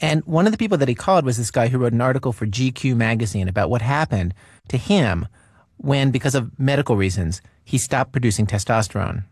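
A man hosting a radio show, narrating a scripted introduction in a wry, measured way. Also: mid-range voice, lively intonation, dry recording, studio quality. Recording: music bed underneath.

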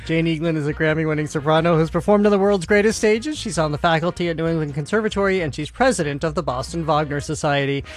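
A man's voice: on the high side, fast, hardly any pauses. A man hosting a radio arts show, interviewing a guest with friendly banter and laughter. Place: radio studio.

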